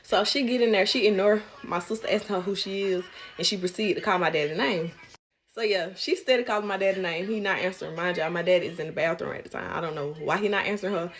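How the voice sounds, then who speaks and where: Blunt, animated young woman telling a story. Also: medium pitch, quick pace. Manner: animated, blunt, profane, acts out quotes. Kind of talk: casual storytime.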